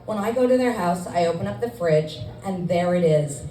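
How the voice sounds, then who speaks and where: A woman's voice: on the low side, animated, moderate pace, mellow. Self-deprecating woman comic in an echoey club. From Scarsdale, New York. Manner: self-deprecating, chatty, with filler ums. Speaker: stand-up comedian. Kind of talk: stand-up set. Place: comedy club stage with audience. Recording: echoey club from far off, faint noise.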